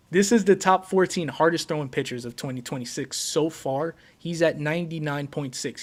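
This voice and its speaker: A Puerto Rican man hosting a casual sports podcast, talking excitedly and repeating himself with many fillers. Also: on the high side. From Puerto Rico. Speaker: podcast host.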